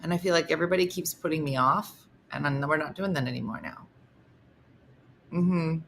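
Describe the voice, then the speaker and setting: Middle-aged woman host, low bright voice, chatty and loose, reads comments aloud. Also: a little fast, pauses often, slight background noise. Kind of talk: casual livestream chat.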